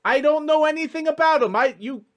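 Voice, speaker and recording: A man cranks his voice way up to play a panicky male winter spirit. His high-pitched voice rattles out frantic, insistent denials, loud and fast.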